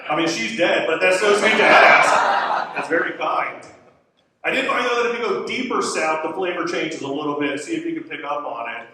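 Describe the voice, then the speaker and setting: Wry stand-up comic from Florida. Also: male voice, on the high side, moderate pace, sharp tone, a little hiss or hum. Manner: wry, conversational, self-deprecating delivery. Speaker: stand-up comedian. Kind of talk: stand-up comedy set. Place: comedy club stage. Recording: echoey club from a distance. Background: audience laughter.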